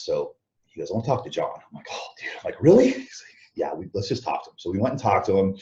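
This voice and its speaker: Low, mellow-voiced man telling stories. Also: fast. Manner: animated anecdotes, acts out quoted lines, chuckles often. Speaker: interview guest, former wrestler. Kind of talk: casual storytelling interview. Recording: dull lo-fi audio.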